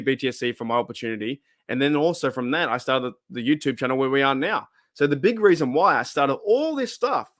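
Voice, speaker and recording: A man's voice: mid-range voice, fairly bright tone, dry recording, clean studio sound. A middle-aged Australian man hosting a live podcast, telling a long rambling story full of slang, restarts and laughter. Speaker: podcast host.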